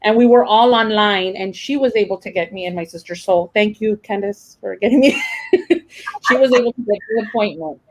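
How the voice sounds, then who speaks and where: A woman's voice: medium pitch, fairly quick, poor audio. Woman, teacher, rambling emotional chat, lots of fillers. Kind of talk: casual personal account.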